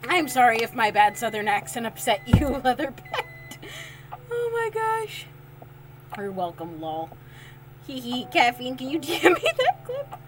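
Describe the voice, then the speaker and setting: A woman's voice: high voice, huge pitch swings, measured pace, noisy background. A woman livestreaming as she makes soap, chatting casually, laughing often and reading chat aloud. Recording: lofi music in background. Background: lofi music playing.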